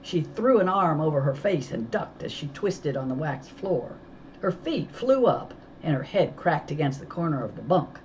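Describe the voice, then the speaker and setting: A woman reading a children's novel aloud, telling it with lively storytelling. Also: low voice, moderate pace, lo-fi sound, slight background noise. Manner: lively storytelling, voicing characters. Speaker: audiobook reader.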